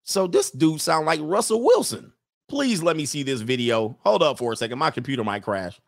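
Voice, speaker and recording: A male host giving joking, animated reaction commentary and laughing often. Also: on the high side, normal speed, vocal fry, dry recording, clean studio sound.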